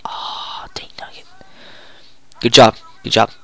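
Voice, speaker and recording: A gamer giving goofy, excitable commentary while playing a hockey video game, groaning and yelling at each play. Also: takes it slowly, no echo, whispered.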